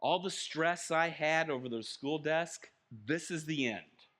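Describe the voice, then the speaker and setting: A male pastor preaches a sermon in a high, bright voice. He is animated and lively, acting out small everyday scenes to make his point. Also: unhurried. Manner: animated, acts out little scenes with shouted voices. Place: church.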